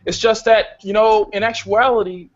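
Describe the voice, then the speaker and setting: Guy reviewing movies, talks kinda high, cusses a lot, muffled lo-fi sound. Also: fairly even intonation, normal speed. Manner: swears a lot, casual and emphatic. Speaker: film reviewer. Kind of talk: casual debate.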